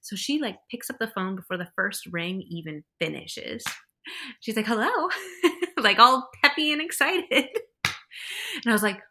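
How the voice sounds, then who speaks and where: A woman's voice: mid-range voice, expressive, moderate pace, sharp tone. A young woman chattily telling the story of her labor, laughing often and acting out what others said. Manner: chatty, laughs often, acts out quoted voices. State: pregnant. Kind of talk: casual storytelling.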